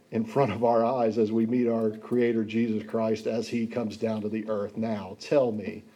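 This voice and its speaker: A middle-aged man preaching a sermon, teaching slowly and deliberately from scripture with readings. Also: lowish voice, warm tone, slightly rough.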